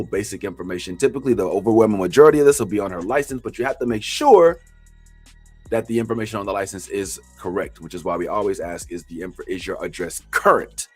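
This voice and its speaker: A man teaching a tax preparation training class, animated and joking, with sudden preacher-like outbursts. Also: lowish voice, husky, no echo.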